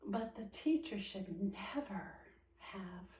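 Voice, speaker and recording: A woman telling a personal story, soft-spoken and often sinking to a near whisper. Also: medium pitch, animated, slow. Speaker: storyteller sharing personal memories. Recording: roomy, distant mic, faint background ambience.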